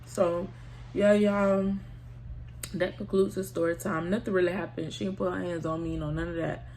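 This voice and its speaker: Over slight background noise, a storytime vlogger tells a personal story in a fairly low, darkish voice with a steady tone and normal speed. Her casual vlog is candid and slangy, and she often speaks straight to viewers.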